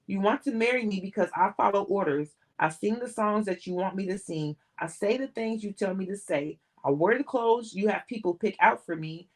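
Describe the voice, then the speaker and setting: A fed-up young singer who talks bluntly and stands her ground, voiced by a woman reading a novel aloud. Her pitch sits in a plain middle range. She challenges rather than backs down. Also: normal speed, few pauses, lightly acted, low-quality recording. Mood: weary.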